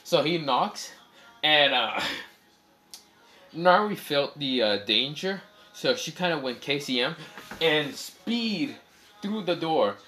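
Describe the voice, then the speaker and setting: Man, casual storyteller, bright voice, rambling and cursing, fillers throughout. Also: on the high side, sing-song, slow pace, pauses often, faint music behind. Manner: rambling, swearing, many fillers and self-corrections. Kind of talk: casual improvised fan-fiction storytelling.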